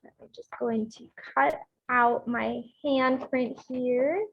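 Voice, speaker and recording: A woman's voice: sits high, steady tone, takes it slowly, vocal fry, slightly rough, dull audio. A woman presenting a children's program, reading a storybook aloud and then explaining a craft step by step. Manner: gentle, instructive, with fillers.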